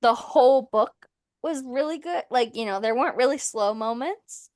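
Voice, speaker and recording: A woman co-hosting a casual podcast, with a fairly high voice recorded dry and close. She talks hesitantly, pausing on fillers as she gives her opinions. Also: no room sound. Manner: hesitant, many fillers while reviewing. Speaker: podcast co-host. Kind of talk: casual chat.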